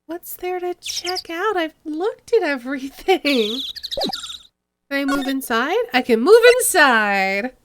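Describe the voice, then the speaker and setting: A woman's voice: sits high, expressive, takes it slowly, noisy background. A woman streamer giving giggly, self-mocking commentary while playing a game. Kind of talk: let's play commentary.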